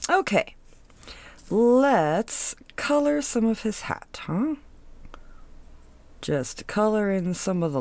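A woman's voice: medium pitch, sing-song, slow, long pauses, darkish tone, no room sound. A woman hosting a craft video, chatting casually as she works, thinking aloud, trailing off mid-sentence and cooing at her pieces. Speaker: crafting channel host. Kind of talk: casual craft tutorial chat.

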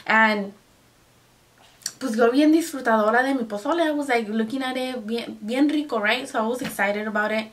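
Chatty young woman, slightly high voice. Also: brisk, recorded from a distance. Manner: chatty, lots of "like" and "you guys", code-switches into Spanish. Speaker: vlogger. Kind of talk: casual storytime chat.

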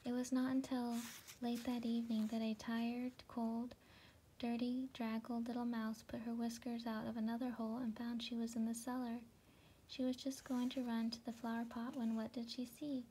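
A woman giving a relaxing reading of a children's storybook, narrating softly with some words in a whisper. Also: a little high, level tone, normal speed, slight background noise, poor audio. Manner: soft, partly whispered narration. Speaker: storybook reader.

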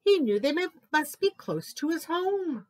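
A woman librarian reading picture books aloud to children at story time, expressive and sing-song. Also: sits high, unhurried.

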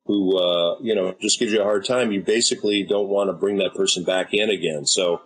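A man's voice: low-pitched, steady tone, a little fast, breathy edge, rough recording. An American man in his fifties, a voice actor and director, telling stories in an easygoing, anecdotal way as an interview guest. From United States. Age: 50s. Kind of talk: casual interview talk.

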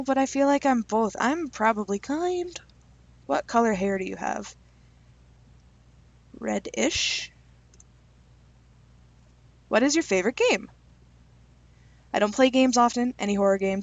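A woman's voice: on the high side, no echo, dull audio. Chatty young woman vlogger, dry close sound. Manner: chatty, self-deprecating, reads questions aloud and answers with quick jokes. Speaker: YouTuber taking online quizzes. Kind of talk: casual vlog commentary.

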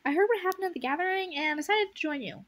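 A woman's voice: very high voice, expressive, fast, a little hiss or hum, pitched above the performer's own voice. A woman voicing a loyal young female clan cat with a lightly raised, plain reading voice. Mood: earnest.

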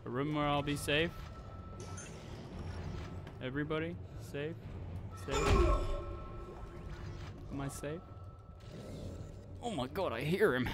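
A man commentating a horror game, excitable, swearing and shrieking when scared. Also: a little high, slow pace, pauses often, noisy background. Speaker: gaming YouTuber. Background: game music.

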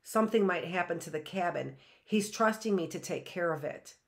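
A woman's voice: on the low side, normal speed, close to an everyday voice. A woman voicing an earnest, anxious young boy in a storybook read-aloud, insistent and urgent. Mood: pleading.

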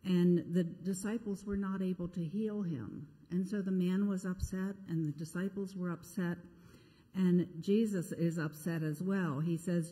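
A woman's voice: on the low side, fairly even intonation, unhurried, dark tone. A woman pastor giving a conversational sermon, telling a scripture story in a self-deprecating way. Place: church sanctuary. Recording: echoey church sanctuary.

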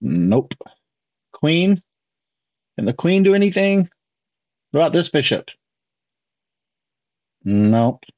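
A man's voice: on the high side, very animated, takes it slowly, pauses often, lo-fi sound. A man hosting a chess video, explaining moves step by step and asking viewers questions. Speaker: chess video host reacting to a lesson. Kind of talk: casual commentary to viewers.

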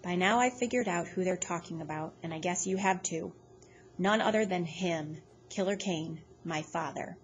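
A woman narrating a novel chapter aloud in a plain, unhurried way. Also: lowish voice, a little hiss or hum. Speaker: audiobook reader.

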